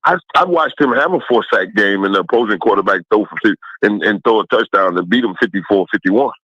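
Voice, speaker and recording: A middle-aged man, a former football player, telling lively stories as a guest, laughing often and talking colloquially. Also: fairly low pitch, brisk, husky, no room sound, muffled recording. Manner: animated, laughing storyteller with colloquial speech. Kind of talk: casual storytelling.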